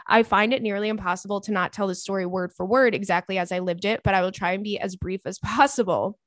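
Playful, slangy woman podcast host reading listener mail, middle pitch, dry close mic. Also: dry recording. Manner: animated, playful, chatty slang. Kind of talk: reading and reacting to listener email.

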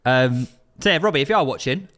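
A man co-hosts a casual football podcast, reading listener stories aloud, running a quiz and laughing often. He talks fast in a medium-pitched, slightly bright voice with lively intonation.

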